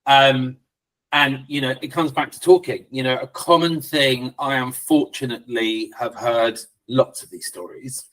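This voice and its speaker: A man's voice: medium pitch, steady tone, unhurried, a bit bright, distant mic, rough recording. A man hosting a podcast interview, speaking in a thoughtful, reflective way. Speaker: podcast host. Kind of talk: conversational interview.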